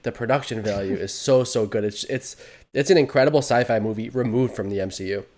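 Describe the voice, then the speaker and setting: Fast-talking man, animated podcast storyteller. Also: medium pitch. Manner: animated storyteller, quick to laugh. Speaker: podcast co-host. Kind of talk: casual podcast chat.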